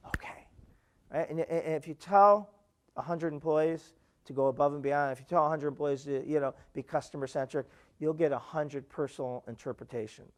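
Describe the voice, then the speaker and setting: A man giving a live keynote talk, animated, often asking "right?" and acting out quoted voices. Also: moderate pace. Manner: animated, repeats "right?" to engage the audience; acts out quoted voices with big pitch jumps. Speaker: keynote speaker.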